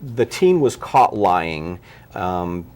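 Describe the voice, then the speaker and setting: A man's voice: sits low, very animated, very slow, a little mellow. Male parenting talk show host. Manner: thoughtful, frequent restarts and fillers while framing questions.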